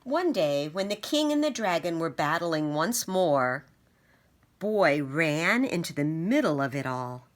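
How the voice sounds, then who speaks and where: A woman reading a children's picture book aloud, expressive and acting out sound effects. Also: deep voice, unhurried. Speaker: storybook reader.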